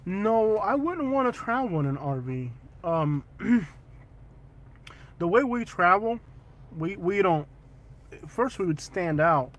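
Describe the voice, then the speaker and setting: A man's voice: high voice, slow pace, long pauses. Joking man hosting a livestream. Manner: joking, teasing, with loud excited bursts. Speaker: vlog host. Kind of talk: casual livestream chat.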